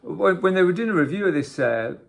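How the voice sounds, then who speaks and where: A man chatting casually as he vlogs on a campus, excitable, often saying "man" and "folks". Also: high-pitched, a little fast, vocal fry. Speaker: vlogger. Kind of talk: casual vlog chat. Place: outdoors on a university campus. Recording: noisy outdoor recording.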